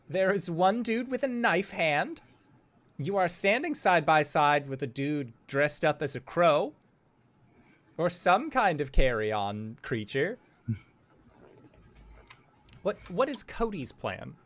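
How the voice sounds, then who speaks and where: A game master narrating a tabletop superhero game, in loose, relaxed speech full of "like" and "uh". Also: mid-range voice, slow, pauses often. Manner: laid-back, filler-heavy narration.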